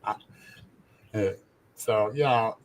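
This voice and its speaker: A man's voice: on the low side, steady tone, drawn-out words. An older man, a grandfather, telling easygoing stories in casual chat and chuckling as he goes.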